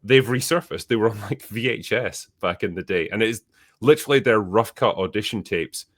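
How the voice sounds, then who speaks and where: A man's voice: lowish voice, fairly quick, fairly bright tone, no echo, studio quality. A man hosting a casual podcast panel, talking animatedly and swearing freely as he plays clips. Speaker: podcast host.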